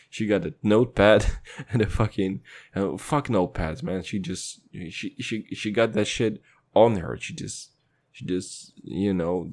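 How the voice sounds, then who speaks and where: A man's voice: on the low side, a little mellow. A young man hosting a podcast, talking in a crude, profane, rambling rant. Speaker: podcast host.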